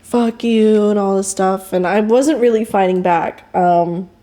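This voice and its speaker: Young woman guest, candid and emotional storyteller, frank, mid-pitched voice. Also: moderate pace, warm tone. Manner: emotional, frank, quotes others in raised voice. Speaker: podcast guest.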